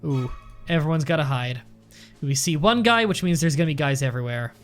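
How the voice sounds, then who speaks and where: A man's voice: fairly high pitch, animated, brisk, faint music behind. Chatty man narrating his gameplay. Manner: chatty, rambling, thinking aloud. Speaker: let's play host. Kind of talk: casual gameplay commentary.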